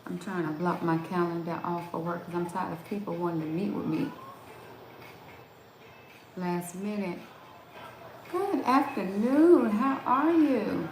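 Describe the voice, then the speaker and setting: A woman's voice: fairly low pitch, unhurried, long pauses, darkish tone, reverberant, slight background noise. A woman with a Southern American accent, hosting a casual live stream and chatting with viewers, greeting them by name and laughing often. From Southern United States.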